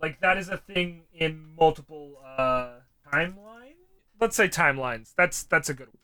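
Bright, high man explaining lore. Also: moderate pace. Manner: nerdy, explains franchise lore. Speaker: podcast co-host. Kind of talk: casual podcast chat.

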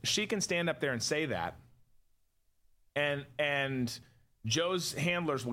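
A man's voice: on the high side, expressive, slow pace, pauses often, fairly bright tone. A man hosting a political talk show, scornful and rambling, with many restarts. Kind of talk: opinionated political commentary.

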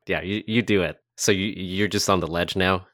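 A man's voice: low voice, steady tone, normal speed, a bit bright, no echo, studio quality. A man narrating a tabletop game as dungeon master, casual and self-correcting with chuckles.

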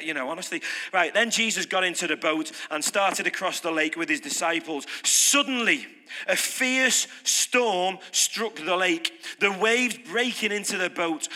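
A British man preaching a sermon, lively and conversational, putting questions to his congregation. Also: high voice, moderate pace. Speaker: pastor. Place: church hall. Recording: reverberant hall.

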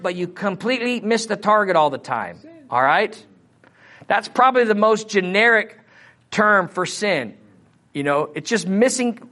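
A middle-aged man with a Missouri accent teaches a Bible lesson to a small group. His voice sits a little high for a man. He keeps it conversational and keeps checking in with his listeners. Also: fairly bright tone. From Missouri, USA. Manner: conversational, asks the audience questions. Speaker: preacher.

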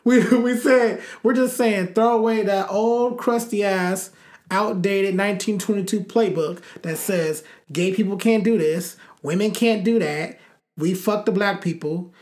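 A man's voice: high voice, a little slow, a little mellow. A man co-hosting a casual chat, talking bluntly and emphatically, with profane and fiery rants.

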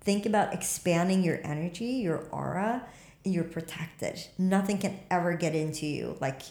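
Woman, lowish voice, casual storytelling, animated, jumps into squeaky highs, echoey room. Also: moderate pace. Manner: animated, acts out quotes with sudden high squeaks.

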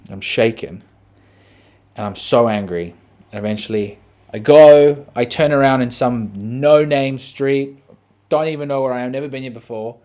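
An Australian man hosting a podcast, telling a story in a casual, animated, profane way. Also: medium pitch, moderate pace. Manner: animated, profane, dramatic retelling. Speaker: podcast host.

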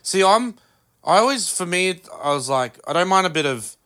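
A man's voice: high-pitched, animated, normal speed, pushed and bright, clear, resonant tone. A man with an Australian accent hosting a podcast, chatting in a rambling way with lots of asides and fillers. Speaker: podcast host. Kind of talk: casual podcast chat.

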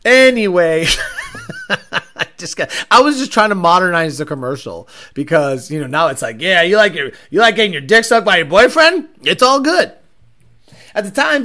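A man's voice: sits high, fairly bright tone. A man hosting a casual reaction video, rambling and joking in a crude, profane way. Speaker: host.

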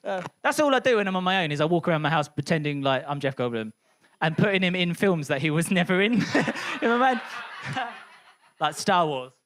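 A woman comedian doing a punchy, animated stand-up set on a club stage. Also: fairly low pitch, a little fast. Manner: animated, punchy, laughing through lines.

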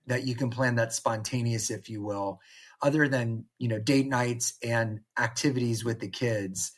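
A man's voice: mid-range voice, fairly bright tone, breathy edge. A man co-hosting a podcast in casual conversation, telling stories and acting out bits of dialogue. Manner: storytelling, acts out quoted dialogue. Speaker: podcast co-host.

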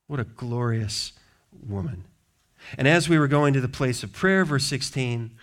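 A man with an American accent, a pastor preaching a sermon and telling the stories in lively, acted-out voices. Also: medium pitch. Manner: animated storyteller, acts out voices.

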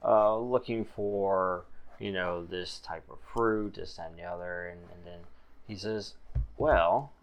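A man's voice: low voice, steady tone, a little slow. A man narrating as game master of a tabletop game, describing scenes in loose, easygoing storytelling.

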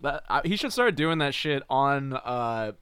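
A man's voice: medium pitch, animated, unhurried, fairly bright tone, clear, resonant tone, no room sound. A man co-hosting a podcast, trading profane jokes in casual chat and laughing often. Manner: joking, profane banter with frequent laughter. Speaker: podcast co-host.

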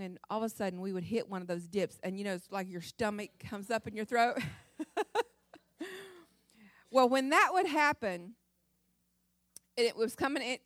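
Speaking as a guest at a church service, an Ohio woman tells her personal testimony through folksy, lively, chatty storytelling with many restarts. Her medium-pitched voice is recorded dry with clean studio sound.

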